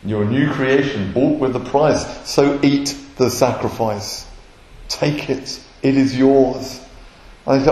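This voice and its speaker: A man's voice: medium pitch, a little slow. Man preaching in an echoey room. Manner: earnest, animated, acts out short quotes. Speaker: messianic rabbi. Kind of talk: sermon. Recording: roomy echoey hall.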